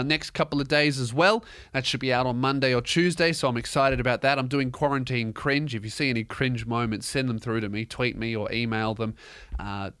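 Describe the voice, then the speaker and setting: A man's voice: mid-range voice, clear, resonant tone. A man, ranting and telling stories on his own podcast, swearing freely and mocking himself. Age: 20s. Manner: swearing, animated storytelling, self-mocking. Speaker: podcast host. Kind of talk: casual solo podcast rant.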